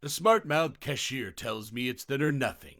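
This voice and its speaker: A man narrating online customer-service stories in a steady, scripted reading style. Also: medium pitch, moderate pace, no echo, clean studio sound.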